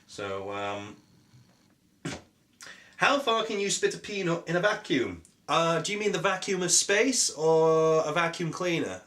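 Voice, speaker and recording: A young British man rambles through viewer questions in a casual Q&A, joking in a deadpan way and filling gaps with ums. His voice is bright and a little forceful, even with a sore throat and a cold. His pitch sits in a middle range for a man. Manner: jokey, deadpan, full of ums and asides. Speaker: YouTuber answering viewer questions.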